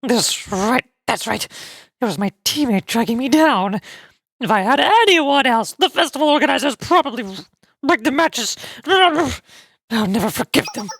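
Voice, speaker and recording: Woman voicing a high, whiny sore-loser girl from a game story, ranting, dry close mic. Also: animated, measured pace, fairly bright tone, slightly rough, no room sound, heavily acted. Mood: aggrieved.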